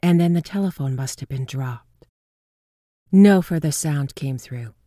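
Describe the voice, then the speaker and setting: Slow, husky woman narrator, hushed reading of a ghost story, often whispered. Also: low voice, no room sound, clean studio sound.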